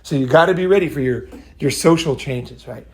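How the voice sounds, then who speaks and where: A man's voice: fairly high pitch, fairly quick. A man hosting his own channel, talking in a loose, rambling monologue full of swearing and constant "right?" and "okay?" check-ins. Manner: rambling and blunt, swears freely, keeps asking "right?" and "okay?". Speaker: channel host giving dating advice. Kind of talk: casual monologue.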